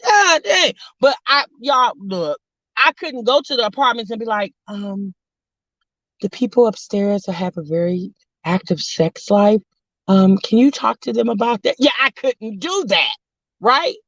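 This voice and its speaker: A woman vlogger telling a story to her viewers in a sassy, drawling, animated way, calling them honey and girl. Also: fairly high pitch, measured pace, no room sound, lo-fi sound. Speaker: vlog host.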